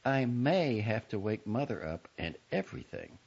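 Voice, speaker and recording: Man reading as a prim haughty teenage girl, affected delivery, gravelly undertone, lo-fi recording. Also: lowish voice, very animated, moderate pace, darkish tone, voice pushed up, heavily acted. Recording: dull lo-fi recording.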